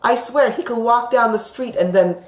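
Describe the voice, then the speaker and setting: A woman teaching about psychic topics on a live stream, chatty and expressive, reading out viewer comments and often asking "right?". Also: a little high, moderate pace, slight background noise. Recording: roomy echo.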